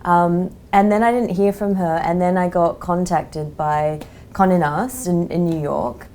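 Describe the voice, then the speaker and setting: A woman's voice: fairly low pitch, steady tone, measured pace, warm tone. An Australian woman in her thirties, a magazine editor talking frankly as a podcast guest, full of "like" and "um". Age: 30s. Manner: chatty, frank, many "like" and "um" fillers. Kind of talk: casual interview chat.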